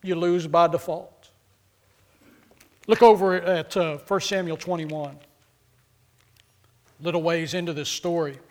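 High-voiced fervent preacher man. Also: steady tone, slow, pauses often. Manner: fervent, rises to loud emphatic peaks then drops low; acts out scripture characters in quoted voices. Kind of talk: sermon.

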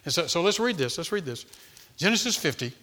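A man's voice: fairly high pitch, very animated, a little fast, sharp tone. A man preaching a sermon, reading and explaining a passage, often repeating words as he starts a thought. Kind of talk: expository sermon.

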